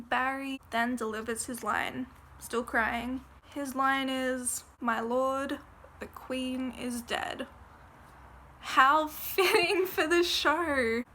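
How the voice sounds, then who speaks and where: Chatty, bright-voiced young woman vlogger. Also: a little high. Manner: chatty, frequent "like" fillers and casual swearing. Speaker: video essayist. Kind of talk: casual recap of a TV series.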